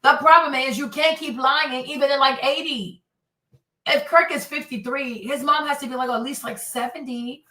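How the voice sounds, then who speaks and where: Woman, commentary host, bright tone, fairly high voice, casual and animated, distant mic in an echoey room. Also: normal speed. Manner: animated, talks to viewers, acts out quotes. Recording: roomy and slightly distant.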